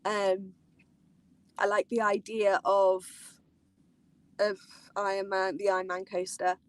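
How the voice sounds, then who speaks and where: A woman hosting a casual live-stream chat, excitable and rambling, giggling often and using lots of fillers. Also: medium pitch, slow, no echo, rough recording. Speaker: host of a live theme park chat.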